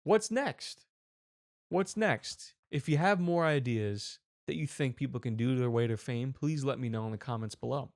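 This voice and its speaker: A man hosting a comedy commentary show, telling a rambling, animated story. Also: medium pitch, fairly quick, few pauses, no echo, studio quality. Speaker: show host.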